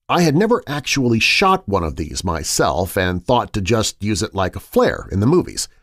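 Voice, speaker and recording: A man hosting a horror podcast, reading a story in a measured, suspenseful way on a close mic. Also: fairly low pitch, no room sound. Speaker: horror podcast host and narrator. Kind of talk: scripted horror story narration.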